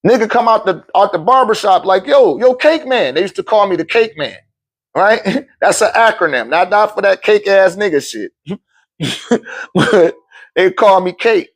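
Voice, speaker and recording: A man's voice: high-pitched, normal speed. A man telling a personal story at a live talk in a loose, profane way, acting out the other people's voices as he goes.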